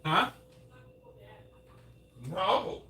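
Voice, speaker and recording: A woman livestreamer in casual chat, often talking softly to her dog. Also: extremely slow, noisy background.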